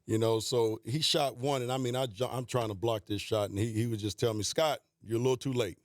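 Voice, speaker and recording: A man in his fifties sits in a radio studio as a guest and tells lively anecdotes, quoting people along the way. The studio mic gives his middle-pitched voice a close, dry sound. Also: a little fast, no echo. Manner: animated anecdotes, quoting players, laughing. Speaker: guest, former basketball coach. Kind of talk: storytelling in a radio interview.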